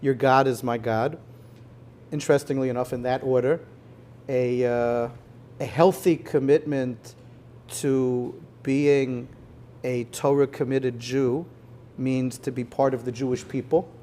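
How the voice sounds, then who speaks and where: A man, a rabbi and guest, explaining his views in a measured way to an audience in a synagogue, often saying "you know". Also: mid-range voice, steady tone, dark tone, a little hiss or hum. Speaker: rabbi, head of a conversion court, guest. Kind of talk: live conversation before an audience.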